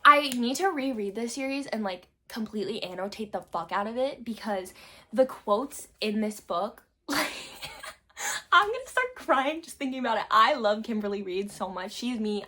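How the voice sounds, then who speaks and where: A young woman chatting casually about books, gushing with frequent laughs and swearing, swinging between loud bursts and soft asides. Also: mid-range voice. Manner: gushing, swears often, many likes. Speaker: book reviewer. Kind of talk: casual book chat.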